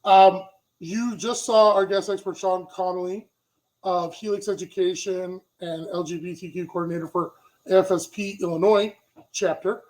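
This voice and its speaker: A man with a high voice hosts a livestream panel from a video call. He sounds playful and upbeat and jokes with his guests as he welcomes them on. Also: fairly even intonation, moderate pace, a little mellow, rough recording. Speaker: host.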